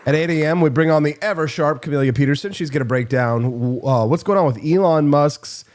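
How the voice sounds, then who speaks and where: A man hosting a live political talk show, joking and sarcastic with quick asides. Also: on the high side, a little mellow, a faint crowd. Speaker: host.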